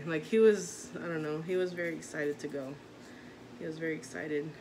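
Rambling mom vlogging over noise. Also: female voice, low voice, fairly quick, a little mellow. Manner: rambling, heartfelt, many restarts. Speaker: vlogger, mother. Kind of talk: casual chat to camera. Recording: noisy background.

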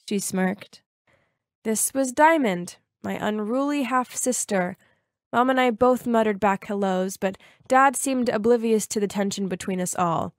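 A woman in her twenties narrating a first-person story in a lively, confiding way. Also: a little high, moderate pace, no room sound, studio quality.

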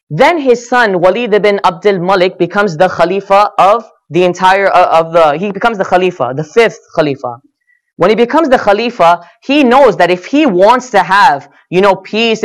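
A man giving a sermon, telling stories earnestly and voicing the quoted lines with rising and falling emphasis. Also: high voice. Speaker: speaker at a religious gathering. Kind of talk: sermon storytelling.

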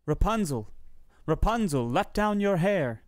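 A bold young prince, as a man reads him calls out eagerly in a fairy-tale reading. The voice is a touch high and comes through close and dry. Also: expressive, measured pace, no room sound. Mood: calling. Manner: calling out eagerly. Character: young king's son, bold, lovestruck.

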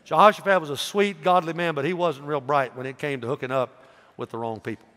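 A male pastor preaching a sermon, telling a story with animated voices and calling out questions to the congregation. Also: a little high, fast. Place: church. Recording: echoey church hall reverb.

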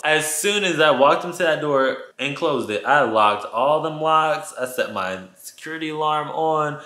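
A man telling a story to his viewers in a casual vlog, animated and profane, talking straight to his audience at home. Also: a little high, moderate pace, few pauses, roomy sound. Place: his apartment.

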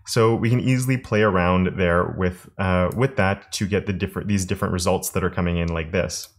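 A man teaching web development in a screen-recorded coding tutorial, thinking aloud in a relaxed way with fillers and restarts. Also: low-pitched, a little fast.

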